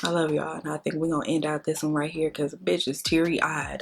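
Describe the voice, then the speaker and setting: A woman's voice: low voice, steady tone, fairly quick, creaky. A young adult woman chatting casually and candidly while doing her makeup, swearing freely and crying as she thanks her viewers. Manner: candid, profane, tearful and emotional. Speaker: beauty vlogger.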